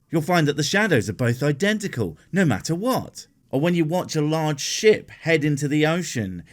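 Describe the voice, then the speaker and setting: A man's voice: medium pitch, fairly bright tone. A man giving sarcastic, profane reaction commentary as the host of the show.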